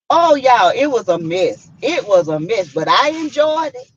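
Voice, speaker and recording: A woman's voice: fairly high pitch, unhurried, breathy edge, lo-fi sound. A woman with a Southern US accent, hosting a casual chat and telling a story dramatically. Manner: animated, dramatic, acts out quotes. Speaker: vlogger host.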